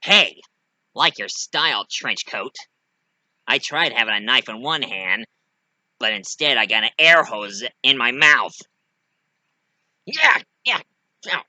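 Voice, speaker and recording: A man's voice: mid-range voice, expressive, unhurried, bright, forceful tone, no room sound, rough recording. A man voicing a wisecracking, foul-mouthed male killer doll in a one-man fan voice play, taunting and yelping. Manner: taunting, snarky, yelps in pain.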